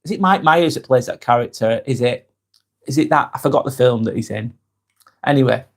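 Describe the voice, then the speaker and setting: A man hosts a live stream in a loose, conversational way. He speaks frankly, drops swear words casually without aggression, and rambles through his replies to viewers. His voice sits at an ordinary middle pitch. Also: fairly quick, creaky.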